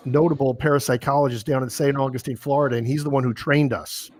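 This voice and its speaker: A man hosting a paranormal interview show, chatting eagerly with his guest and talking in quick bursts with restarts. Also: mid-range voice, steady tone, a little mellow. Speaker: host. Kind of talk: casual interview chat.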